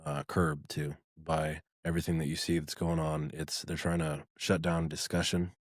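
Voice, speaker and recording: A man with a very deep voice speaks evenly and flatly on a podcast. He lays out his thoughts in full, measured sentences. The sound is dry and close. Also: dry recording. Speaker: podcast co-host. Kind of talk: casual podcast chat.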